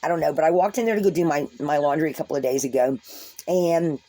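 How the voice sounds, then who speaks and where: A woman vlogger spins a casual story for her viewers in a lowish, mellow voice. Her talk is folksy and rambling, full of restarts and asides. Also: fast.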